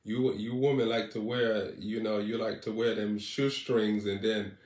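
A man's voice: fairly low pitch, steady tone, unhurried, darkish tone. A man preaching on a broadcast who jokes, teases his listeners and laughs often. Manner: playful, laughs often, teasing the audience. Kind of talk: joking live-stream preaching. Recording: echoey room, distant mic.

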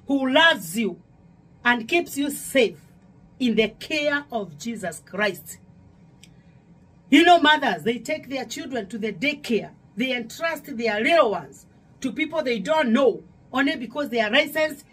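With a slightly high voice carrying a breathy edge, a middle-aged woman pastor from Kenya preaches a devotional sermon in a Kenyan accent. Emphatic, she repeats her phrases and lets out sudden, louder exclamations.

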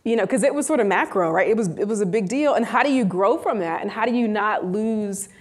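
A woman professor speaking on a live panel, an animated storyteller who keeps checking in with "right?". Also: mid-range voice, a little fast. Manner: animated storyteller who acts out quoted dialogue; frequent rhetorical "right?" tags.

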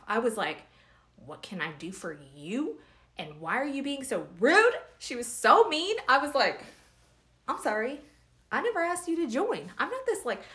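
A woman's voice: fairly high pitch, fairly bright tone. A woman hosting a casual live stream for small business owners, talking bluntly and feistily, cursing freely. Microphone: phone or webcam live stream.

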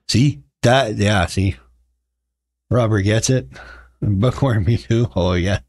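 A man's voice: on the low side, slow, a little mellow, no echo, studio quality. A middle-aged man hosting a casual livestream, chatting with viewers in a sarcastic, joking way and telling stories. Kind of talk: casual chat.

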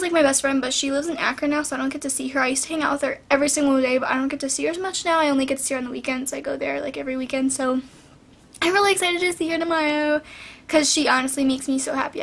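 A teenage girl vlogger chatting casually through viewer questions, her voice still hoarse from a sinus infection, rambling with constant "like" fillers. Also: high-pitched, fairly even intonation, quick pace. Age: teens. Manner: rambling, filler-heavy, lots of "like".

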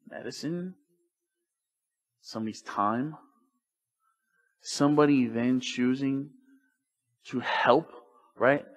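A man preaching a sermon in church, talking to the congregation casually and asking rhetorical questions. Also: medium pitch. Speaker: pastor. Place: church sanctuary.

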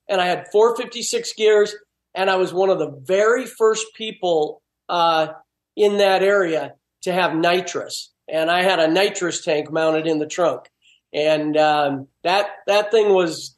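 A man talking as a guest in a casual chat, an animated storyteller. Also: sits high, unhurried, echoey room.

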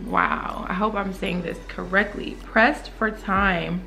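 A young woman with an excited casual unboxing vlog, gasping and exclaiming as she opens packages. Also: slow, creaky, few pauses, music in the background. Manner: gasping, exclaiming, swooping up high when thrilled. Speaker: beauty vlogger unboxing small-business packages.

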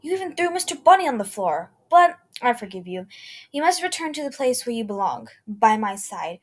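A possessive monster toy maker, slow and taunting, pitched high and loud, as a woman reads him in a creepy story. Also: big pitch swings.

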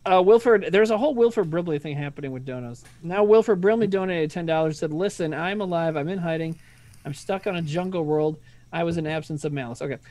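A man's voice: fairly high pitch, fast, warm tone, no room sound. A man with a Midwestern accent hosting a casual stream chat, rambling and swearing freely while poking fun at himself. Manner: rambling, profane, self-deprecating. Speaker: streaming show host.

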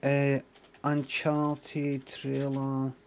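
A man's voice: mid-range voice, completely flat delivery, very slow. A man with a Scottish accent chatting, muttering and swearing through his live-stream commentary.

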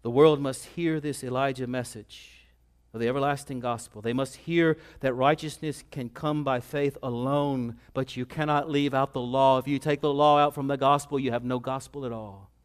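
A man preaching a sermon as pastor, building to loud, impassioned crescendos and then dropping to hushed, low asides. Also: fairly even intonation, normal speed, smooth.

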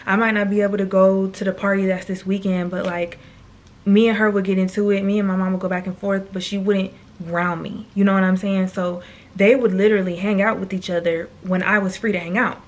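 Speaking a little fast in a level, mid-range voice, a twenty-something woman recounts something that happened to her for the camera. It's casual storytime, full of slang and frequent asides to the audience.

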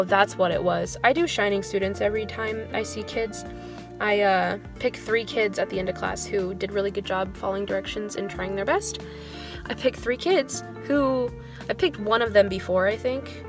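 A young woman in her twenties, a schoolteacher, venting in a casual vlog, rambling with lots of "like" and sounding dejected. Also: on the high side. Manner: rambling storytelling, filler "like" throughout. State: dejected, low on motivation. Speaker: elementary school music teacher.

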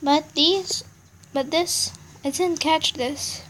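A woman's voice: high-pitched, fairly even intonation, slow pace, fairly bright tone. A young woman hosting her gaming channel, ranting in annoyance over a game with muttered asides. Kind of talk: casual game commentary.

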